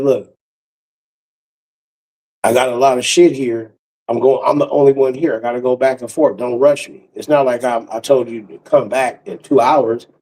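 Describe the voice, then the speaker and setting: A man telling a profane, animated story and acting out the other people's voices. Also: medium pitch, rough recording. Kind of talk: casual storytelling monologue.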